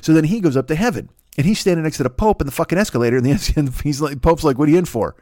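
A man delivering a rambling, profane comedic monologue, slipping into quick voices for the people in his story. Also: fairly high pitch, expressive, a little mellow, dry recording, clean studio sound. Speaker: podcast host.

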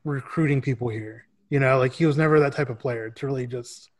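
A man's voice: mid-range voice, darkish tone. A man co-hosting a sports podcast, giggly and full of fillers like "you know" and "like". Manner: giggly, filler-heavy, quick. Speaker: podcast host. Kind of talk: casual sports podcast chat.

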